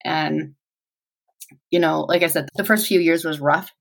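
A woman in her forties telling her personal story in an interview, reflective and halting, with pauses. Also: sits low, vocal fry, rough recording.

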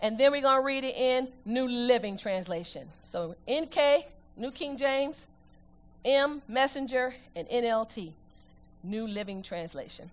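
A woman preaching a sermon, lively and emphatic, reading scripture slowly aloud with the congregation. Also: fairly high pitch.

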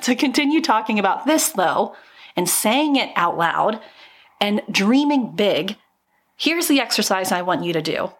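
A woman's voice: mid-range voice, big pitch swings, unhurried. A woman in her thirties hosting a solo podcast, talking upbeat and encouraging with little laughs between thoughts. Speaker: podcast host. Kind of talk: motivational solo podcast talk.

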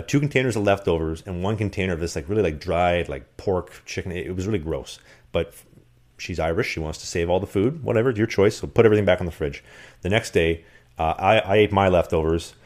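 A deep-voiced man telling a long string of stories in casual podcast chat. He talks fast and keeps rambling along, full of fillers and restarts, acting out the scenes as he goes. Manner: rambling, animated storyteller. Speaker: podcast guest. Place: rented apartment.

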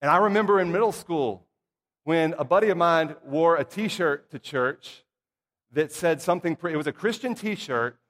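A middle-aged preacher with a slightly high voice tells humorous church stories from the pulpit. His folksy, playful asides ring out through a long reverb of a church hall. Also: expressive, moderate pace, fairly bright tone. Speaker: pastor or church minister. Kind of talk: casual storytelling sermon. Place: church sanctuary.

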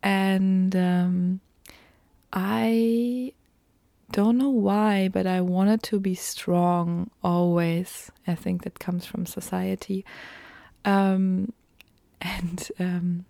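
German-accented woman, podcast host; slow reflective monologue, gravelly, dry close sound. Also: medium pitch, steady tone, mellow, no room sound. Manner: slow, reflective, many ums.

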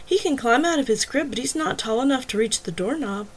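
Brief: distressed young mother, woman narrator, stammering, higher-pitched. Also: animated, brisk. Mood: worried. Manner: stammering, pleading.

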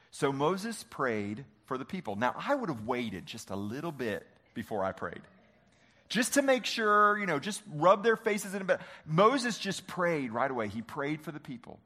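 Male preacher, sermon delivery, somewhat high and very expressive pitch, quizzes the room. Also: moderate pace. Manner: animated, asks the congregation questions. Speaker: pastor.

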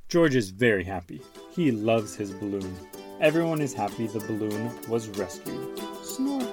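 A man hosting a podcast with his son, reading a children's storybook aloud in an animated, expressive way. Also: lowish voice, moderate pace, music in the background.

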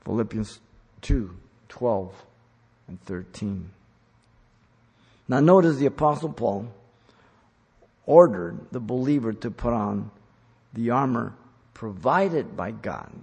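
A man preaching a sermon, teaching in an emphatic style that rises to loud commands. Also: mid-range voice, expressive, slow, creaky, pauses often, slightly rough. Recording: long hall reverb.

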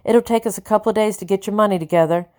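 A woman's voice: medium pitch, rapid-fire, a little mellow, voice pushed up, natural voice. A woman voicing a working-class tavern keeper's wife who speaks bluntly and plainly.

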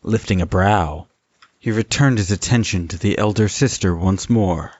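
Deep-voiced male storyteller. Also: normal speed. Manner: steady storytelling. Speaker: narrator. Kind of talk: scripted narration. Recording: dull lo-fi recording.

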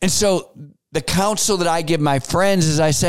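Folksy podcast host man, crisp dry voice. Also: fairly high pitch, moderate pace, dry recording. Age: 40s. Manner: folksy, animated storytelling. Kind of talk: solo podcast talk.

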